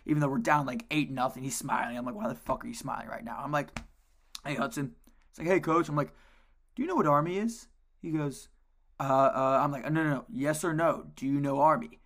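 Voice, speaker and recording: A man co-hosting a casual podcast, telling coaching stories in an animated way and swearing a lot. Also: mid-range voice, fairly quick, vocal fry. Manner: animated storytelling, heavy swearing. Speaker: co-host, youth lacrosse coach.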